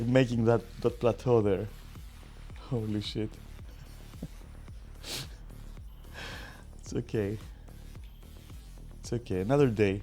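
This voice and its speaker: A man talks through his game session in a loose, teasing way, swearing and joking with viewers he cannot hear. His pitch sits in an ordinary middle range. Soft game music plays faintly behind him. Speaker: streamer. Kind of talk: casual gaming commentary.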